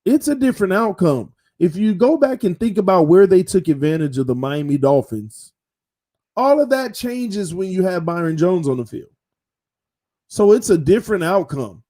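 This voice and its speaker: A man's voice: sits high, animated, moderate pace, mellow. A man hosting his own football fan channel, talking casually and animatedly, repeating phrases for emphasis. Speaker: sports channel host.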